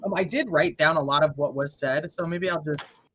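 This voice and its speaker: Guy hosting a true crime chat, kinda high voice, muffled lo-fi call sound, talks fast and loose. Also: bright, forceful tone. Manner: chatty, retells court testimony in a rush. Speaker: podcast host. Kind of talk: casual chat.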